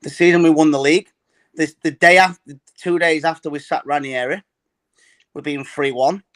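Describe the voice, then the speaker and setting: A man's voice: a little high, fairly even intonation, moderate pace, fairly bright tone. A man as a guest on a fan chat call, rambling and restarting his sentences. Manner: rambling, restarts often, laughs easily.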